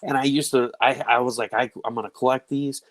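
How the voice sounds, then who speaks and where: Host: excitable guy, mid-pitch, rambling, dry close sound. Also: a little fast, dry recording. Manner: enthusiastic, rambling, laughs often. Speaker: show host. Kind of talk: casual chat.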